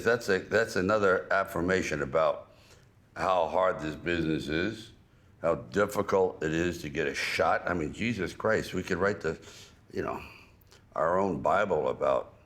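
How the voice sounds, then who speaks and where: Very deep-voiced older man, drawling. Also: fairly bright tone. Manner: drawling, unhurried, reflective. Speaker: host. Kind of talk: conversational interview.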